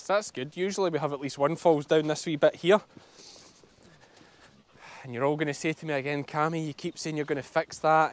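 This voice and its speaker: A Scottish man, a sheep farmer, chatting casually and explaining as he works outdoors on his farm. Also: on the high side. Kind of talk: casual vlog narration while working.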